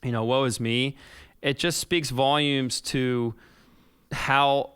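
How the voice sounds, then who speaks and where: A man's voice: medium pitch, steady tone, slow, fairly bright tone, clean tone, no echo, clean studio sound. A man hosting a podcast interview, earnest and encouraging as he asks his guest questions. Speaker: podcast host. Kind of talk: casual interview.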